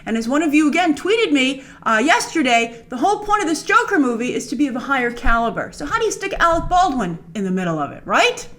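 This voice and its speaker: A woman host delivers critical movie commentary in a fairly high voice. Her pitch swings widely as she stresses her points with emphatic energy. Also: very animated, fast talker, hardly any pauses, fairly bright tone. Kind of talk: opinionated movie news commentary.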